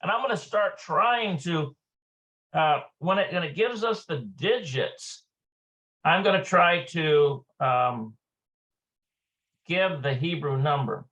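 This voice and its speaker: A man teaching a live online language lesson, slow and halting, with many filler sounds. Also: on the high side, animated, fairly bright tone, highs cut off. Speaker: Hebrew teacher.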